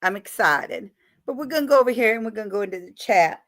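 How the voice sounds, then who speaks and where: Talking rapid-fire in a slightly high voice, a woman runs a chatty, playful live stream and calls out viewers by name.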